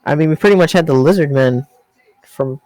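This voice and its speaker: A man in casual chat as a tabletop game player, talking in a halting way. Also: fairly high pitch, darkish tone, dry recording.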